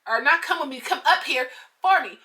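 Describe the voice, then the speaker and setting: A woman's voice: high voice, brisk. Fired-up woman ranting through a story. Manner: animated, profane, slangy retelling with outbursts. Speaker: vlogger. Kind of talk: casual storytime venting.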